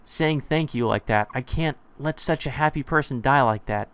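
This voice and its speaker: A man's voice: mid-range voice, moderate pace, a bit bright, smooth, voice pushed up, close to an everyday voice. A man voicing a tearful young woman who pleads in a breaking, sobbing voice. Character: tearful young woman, a gentle older schoolmate. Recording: music playing behind.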